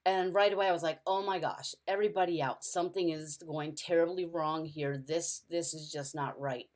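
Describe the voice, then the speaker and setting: A middle-aged woman sharing a personal caregiving story in an earnest, storytelling way over a video call, going soft and quiet in the hardest parts. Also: low voice, fairly even intonation, normal speed. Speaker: caregiver speaker. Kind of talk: personal testimony talk.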